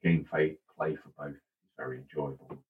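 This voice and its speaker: A man's voice: a bass voice, fairly even intonation, a little fast, narrow, tinny audio. A man hosting a casual gaming podcast, chatty and wry, reading out listener messages. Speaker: podcast host.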